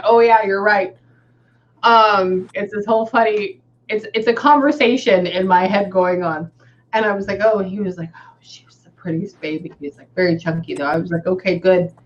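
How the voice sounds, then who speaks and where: Texan woman medium, chatty, pauses often; slightly dull audio, faint noise behind. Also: mid-range voice. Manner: chatty, relays messages, often pauses with "hang on". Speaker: psychic medium. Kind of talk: casual reading session.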